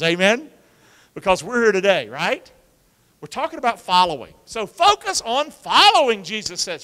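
Brief: male pastor, bright forceful voice, big swooping call-and-response delivery, long church hall reverb. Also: sits high, normal speed. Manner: energetic, coaxes the congregation to repeat lines; uses football pep-talk imagery. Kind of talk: animated call-and-response sermon. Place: church sanctuary with a congregation.

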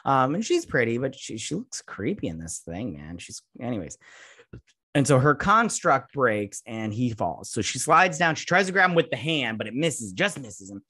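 A man talks through a TV episode in a loose, rambling recap, full of ums and uhs and mocking side comments. His voice sits at an ordinary middle pitch, and the sound is dry and close, with no room echo. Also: sing-song, moderate pace, sharp tone, breathy edge. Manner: rambling, filler-heavy, sarcastic asides. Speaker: show reviewer. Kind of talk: casual episode recap and review.

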